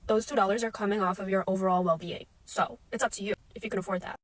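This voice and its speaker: A woman's voice: medium pitch, fairly even intonation, fast, a little hiss or hum. A woman complaining in a phone video, exasperated and sarcastic.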